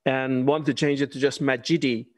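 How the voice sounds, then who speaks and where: A middle-aged man from Iran speaks, chatting as an interview guest. He laughs easily and tosses in wry asides at an even, mid pitch. The sound is dry and close, with no room around it. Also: normal speed, no room sound. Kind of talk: casual interview conversation.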